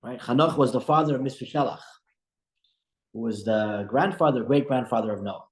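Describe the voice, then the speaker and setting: A man teaching a religious study class as a rabbi, telling stories in an animated way with frequent restarts. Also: medium pitch, moderate pace. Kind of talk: storytelling religious lesson. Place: room at a breakfast study group. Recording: echoey room.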